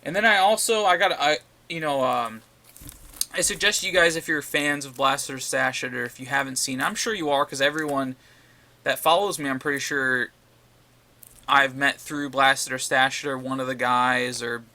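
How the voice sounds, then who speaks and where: A man's voice: medium pitch, steady tone, normal speed, bright, forceful tone. A man rambling casually in a comic book vlog, ranting and swearing as he shows his new pickups. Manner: ranting, profane, repeats himself.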